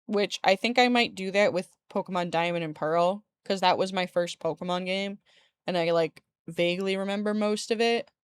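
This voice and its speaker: A woman's voice: medium pitch, moderate pace, clear, resonant tone, no echo. Chatty woman streamer, dry close sound. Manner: rambling, chatty, laughs often, swears casually. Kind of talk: casual chat with stream viewers. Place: room at home by a window. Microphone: desk streaming mic.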